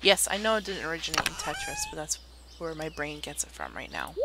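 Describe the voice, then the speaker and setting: A game streamer speaks briskly in a low voice whose pitch swoops wildly, amid heavy background noise and loud game music. She gives chatty, casual gameplay commentary, reasoning aloud and correcting herself.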